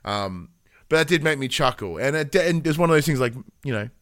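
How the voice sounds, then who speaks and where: A man's voice: a little high, lively intonation, a little fast, a bit bright, no echo, clean studio sound. Rambling Australian man on a podcast. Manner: rambling, self-deprecating storyteller with many fillers. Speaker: podcast co-host. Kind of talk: casual chat.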